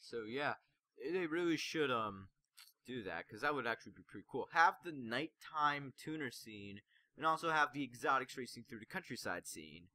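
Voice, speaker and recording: A man's voice: mid-range voice, animated, normal speed, pushed and bright, no echo. A man making a casual gaming video, rambling through his suggestions with many fillers and sometimes losing his train of thought.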